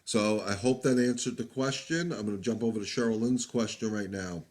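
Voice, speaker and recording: A man's voice: fairly low pitch, fairly quick, darkish tone. A man, a dog trainer, answering viewer questions on a live stream in a candid, plain-spoken way with many fillers and restarts. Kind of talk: live-stream Q&A, casual advice.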